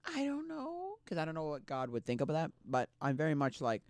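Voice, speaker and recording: A young man streaming casual chat, rambling and restarting, swinging between loud outbursts and quiet mumbles. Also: on the high side, wildly swooping pitch, fairly quick, no room sound.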